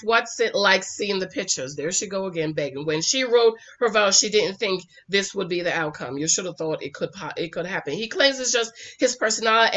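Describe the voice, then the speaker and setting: A woman giving casual recap commentary on a reality show, sassy and animated, scolding the people on screen and swinging between loud outbursts and quiet asides. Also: mid-range voice. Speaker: reality TV reviewer.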